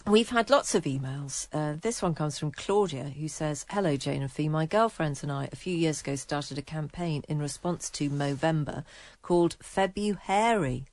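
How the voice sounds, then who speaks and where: Co-host, middle-aged woman, low pitched, teasing banter, reads emails aloud, dry studio sound. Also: moderate pace, a little mellow, no echo. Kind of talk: casual chat, reading listener emails.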